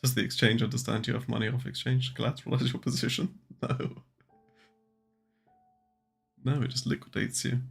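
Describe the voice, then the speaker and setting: Gravelly, joking streamer. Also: male voice, medium pitch, flat delivery, fairly quick, long pauses. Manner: joking, swearing, answering viewers' questions. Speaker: trading livestream host. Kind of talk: casual livestream chat. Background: faint music.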